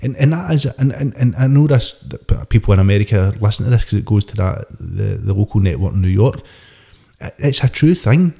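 Sweary man, dark voice. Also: on the low side, brisk, gravelly, breathy edge. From United Kingdom. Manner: sweary, ranting, animated. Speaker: podcast co-host. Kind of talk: casual boxing chat.

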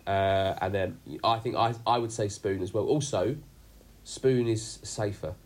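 A man runs a youth group chat over a video call, joking and rambling with plenty of fillers. His voice sits low and is a little husky. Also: steady tone, unhurried. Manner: jokey, rambling with many fillers.

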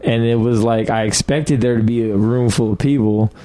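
A man's voice: medium pitch, steady tone, normal speed, dark tone, poor audio. A man in his thirties, a guest comedian, telling stories in a casual chat and laughing often. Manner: laughs often while storytelling.

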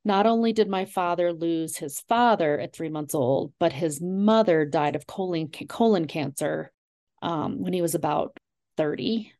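Woman, middle-aged, slightly low voice, author guest, digressive storytelling, fillers. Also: unhurried. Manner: warm, digressive, with frequent fillers. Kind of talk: reflective storytelling.

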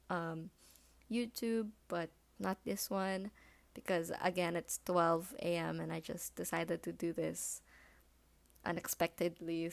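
A woman's voice: fairly low pitch, gravelly. A young woman in her late teens from the Philippines, hosting a solo podcast late at night at home, chatty and rambling with lots of fillers. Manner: rambling, chatty and self-conscious, with many fillers. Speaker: podcast host. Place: home living room at night.

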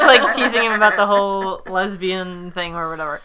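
A woman's voice: fairly low pitch, fairly quick, hardly any pauses, sharp tone. A woman recapping a sitcom episode in casual chat, rambling with fillers and acting out the characters' lines. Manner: chatty, rambling with many fillers, acts out quotes.

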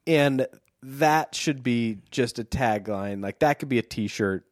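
A man with an ordinary mid-range voice reads book passages aloud and breaks off for wry asides. His tone stays dry and unhurried. The recording is close and dry. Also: medium pitch, no echo. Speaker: podcast co-host. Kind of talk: casual chat reading a book aloud.

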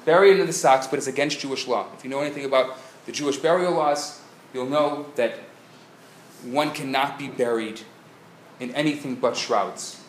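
A man, a rabbi, telling a story in a live lecture, swinging from hushed tones to loud bursts. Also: mid-range voice, steady tone, normal speed, slight background noise. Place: synagogue lecture hall, live audience. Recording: echoey live room with faint ambience.

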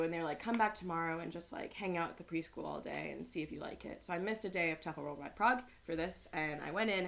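A young woman in casual chat with friends, telling a long story with lots of laughs and acted-out quotes. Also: deep voice. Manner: laughs often, animated storytelling with voiced quotes.

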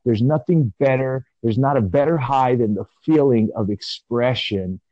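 A man in his forties co-hosting a casual chat, reflective and rambling, with drawn-out pauses. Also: medium pitch, warm tone, no echo. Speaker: podcast co-host. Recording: dull lo-fi audio.

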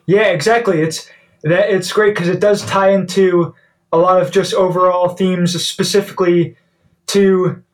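A man's voice: high voice, steady tone, measured pace, far from the mic. A man co-hosting a podcast, chatting casually about a film with lots of "like" and "you know" fillers. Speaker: podcast co-host. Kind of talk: casual movie discussion.

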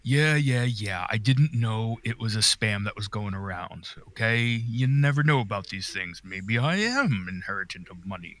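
Frazzled sitcom dad, played by a man, chatty and exasperated, lively bright delivery. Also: fairly low pitch, normal speed, hardly any pauses. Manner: exasperated, chatty, easily excited. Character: harried middle-aged dad on vacation. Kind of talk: comedic horror audio skit.

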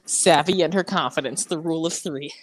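A woman co-hosting a podcast in casual chat by phone while out walking a dog, teasing with deadpan jokes. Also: deep voice, brisk, in a large hall, background noise. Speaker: podcast co-host.

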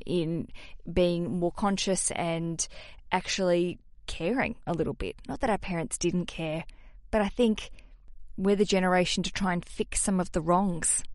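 A young adult woman hosting a podcast, chatty and animated with self-deprecating asides. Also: on the low side, dry recording, clean studio sound. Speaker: podcast host. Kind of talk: casual podcast talk.

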